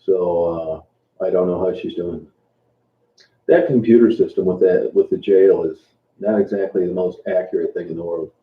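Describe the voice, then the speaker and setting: A man with a fairly low voice chats loosely with his live viewers, trailing off and restarting as he goes. The sound is thin and phone-like. It bounces around a roomy space. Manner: relaxed, halting, many fillers and restarts. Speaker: livestream host. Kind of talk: casual chat with live viewers. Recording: tinny phone-like sound in an echoey room.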